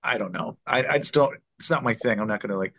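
A man in casual podcast chat, telling quick, chatty anecdotes. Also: medium pitch, fairly bright tone.

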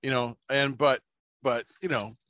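Man, podcast co-host, bright voice, dry close sound, joking and rambling. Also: mid-range voice, fairly even intonation, measured pace, no room sound. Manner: joking, rambling, laughs often. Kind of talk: casual chat.

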